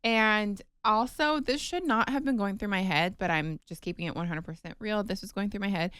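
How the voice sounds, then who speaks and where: Woman, podcast co-host, casual storytelling, animated, lots of fillers, dry studio sound. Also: mid-range voice, a little fast, smooth, no echo. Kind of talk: casual chat, telling a birth story.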